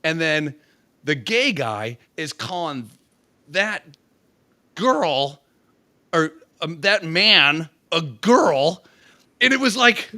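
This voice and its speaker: A man co-hosting a podcast in casual chat, animated and crude, rambling with lots of swearing. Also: a little high, drawn-out words, pauses often, no room sound. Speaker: podcast co-host.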